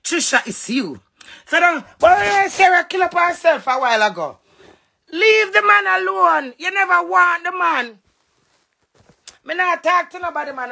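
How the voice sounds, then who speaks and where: A woman's voice: high voice, gravelly, sharp tone. A woman with a Jamaican accent, cussing and scolding in a confrontational livestream rant. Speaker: social media livestreamer.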